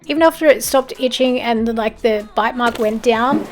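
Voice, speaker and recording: Australian woman, somewhat high voice, casual vlog voice-over, chatty and lightly amused. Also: moderate pace. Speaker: home and lifestyle vlogger.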